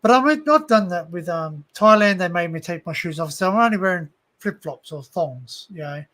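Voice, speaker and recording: A man's voice: high voice, animated, normal speed, pushed and bright. An Australian man hosting a casual live stream chat, telling rambling anecdotes with lots of asides. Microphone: desktop USB mic on a stream call.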